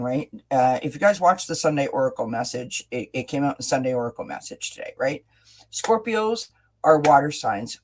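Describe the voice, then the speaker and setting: A tarot reader hosting a live reading, talking casually and often checking in with "right?" while repeating words and restarting sentences. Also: mid-range voice. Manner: chatty, keeps asking "right?". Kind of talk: livestream tarot reading chat.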